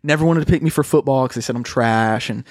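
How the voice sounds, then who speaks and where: A man's voice: medium pitch, quick pace, dry recording. A young man with a mid-range voice tells a story in loose, slangy chat. He swears freely and calls his listeners "dude" every few lines. The sound is dry and close. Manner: slangy, swears a lot, says "dude" often.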